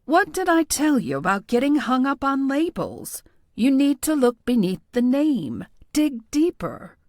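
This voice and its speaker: A woman reading a calm, knowing tarot reader. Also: sits high, unhurried, no echo, studio quality, voice pushed up. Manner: calm, knowing, lightly teasing. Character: poised middle-aged woman tarot reader, patient, wise. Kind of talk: audiobook character voice.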